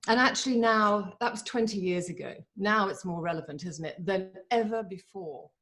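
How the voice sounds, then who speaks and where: A woman's voice: mid-range voice, a bit bright. Eager woman giving an online talk. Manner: eager and chatty, with quick bursts and laughs. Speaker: motivational speaker. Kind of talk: live online motivational talk. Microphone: video call.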